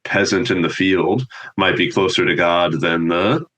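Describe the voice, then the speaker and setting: Man, very low voice with a bright, forceful edge, earnest theologian guest on a podcast. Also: a little slow, low-quality recording. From United States. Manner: thoughtful, earnest explaining. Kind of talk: reflective podcast conversation.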